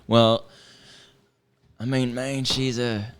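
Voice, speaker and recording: A man in casual podcast chat, dropping deadpan quips and giggling at the jokes. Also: medium pitch, takes it slowly, smooth.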